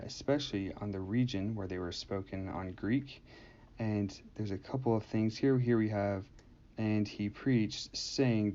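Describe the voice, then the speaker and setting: A man teaching Greek grammar in a measured, explanatory voice-over, pausing often with "uh". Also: fairly low pitch, dark tone, highs cut off. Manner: measured, explanatory, with frequent "uh" pauses. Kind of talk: scripted lesson narration.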